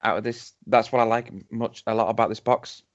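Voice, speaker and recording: A man's voice: mid-range voice, fairly even intonation, brisk. A man from England co-hosting a casual whisky-tasting podcast, rambling with many restarts and ums. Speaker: podcast co-host. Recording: dull lo-fi home podcast recording.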